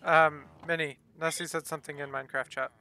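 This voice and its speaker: A man's voice: on the high side, flat delivery, brisk, vocal fry, bright, forceful tone. A man chatting on a game stream, upbeat, reading out chat messages. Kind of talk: casual gaming chat.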